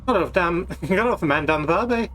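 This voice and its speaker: A man's voice: high voice, lively intonation, a little fast, a bit bright, soft background music, pitched above the performer's own voice. A man doing a hammy Irish pub bloke. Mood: jokey. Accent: put-on Irish. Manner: hammy, playful.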